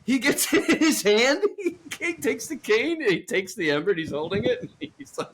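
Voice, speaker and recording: A man's voice: very high-pitched, big pitch swings, moderate pace, fairly bright tone, slight background noise. A man co-hosting a podcast, telling a long story in casual, profane chat and often breaking into laughter. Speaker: podcast co-host.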